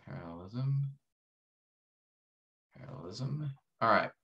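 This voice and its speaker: Bright-voiced man teaching a class. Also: mid-range voice, lively intonation, dull audio. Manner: explanatory, repeats and restarts phrases, reads verses slowly. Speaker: instructor. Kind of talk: classroom lecture walkthrough.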